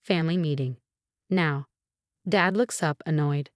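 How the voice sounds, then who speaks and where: A woman in her twenties narrates a first-person story at an even, measured pace. Her voice sits a little low. It sounds dry and close to the mic. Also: no room sound. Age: 20s.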